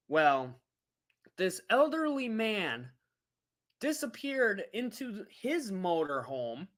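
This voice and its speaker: Speaking in a deep voice, a woman vlogger tells a travel story on a casual livestream, animated and laughing as she addresses her viewers.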